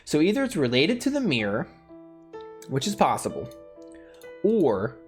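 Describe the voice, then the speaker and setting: A gamer reading a visual novel aloud and commenting between lines, animated and switching voices. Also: medium pitch. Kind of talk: let's play commentary and reading. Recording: game music behind.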